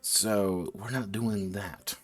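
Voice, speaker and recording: A man's voice: lowish voice, fairly even intonation, takes it slowly, husky, faint music behind. A man streaming while designing a tabletop game, thinking aloud with restarts and self-corrections, a little slurred from drinking. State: tipsy from drinking.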